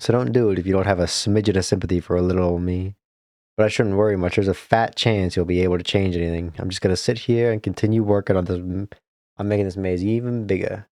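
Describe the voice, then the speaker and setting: A man's voice: low-pitched, steady tone, fast talker, darkish tone, no room sound, studio quality. Man playing a sneering old ghost man. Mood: gloating. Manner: gruff, sneering, mocking. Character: spiteful old male ghost, cruel maze builder. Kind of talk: game character voice.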